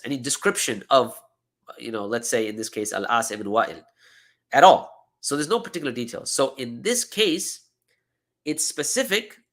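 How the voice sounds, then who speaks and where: Man, lecture, bright forceful tone, explanatory, frequent check-ins, repeats for emphasis. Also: mid-range voice. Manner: repeats words for emphasis, self-corrects mid-sentence. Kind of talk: classroom lecture on scripture.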